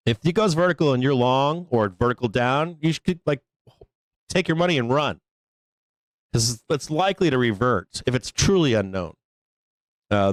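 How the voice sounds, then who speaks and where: A man's voice: medium pitch, no echo. Blunt, profane male trading show host. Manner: profane, blunt and emphatic, rambling. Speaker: stock market show host. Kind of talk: casual live trading commentary.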